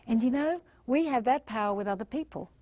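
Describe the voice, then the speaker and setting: Lively Australian woman giving a motivational talk. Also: fairly high pitch, a little fast. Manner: animated, emphatic, acts out little scenes. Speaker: motivational speaker.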